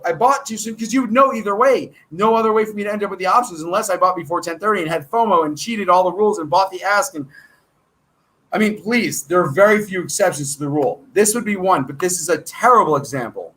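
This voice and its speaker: Excitable rambling American man, high bright voice. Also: quick pace. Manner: rambling, excitable, self-deprecating asides. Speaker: stock market show host. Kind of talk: casual livestream commentary.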